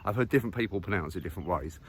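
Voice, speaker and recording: A lowish-voiced man talks off the cuff as he walks a muddy country path, pausing often with ums and uhs. Faint outdoor noise sits behind him, recorded on a handheld camera. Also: animated. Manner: rambling, many fillers, thinking aloud. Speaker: vlogger. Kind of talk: casual walking monologue.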